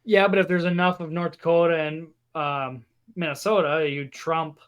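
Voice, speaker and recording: A man from Wisconsin co-hosting an outdoors podcast, opinionated and halting as he chats casually. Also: a little high, steady tone, smooth, highs cut off. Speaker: podcast co-host. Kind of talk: casual chat.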